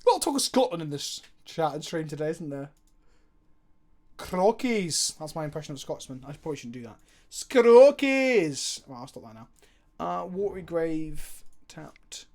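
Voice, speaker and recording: A man's voice: on the high side, expressive, quick pace, gravelly, darkish tone. Chatty, profane male game streamer. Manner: casual, profane, answers chat. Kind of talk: live stream commentary.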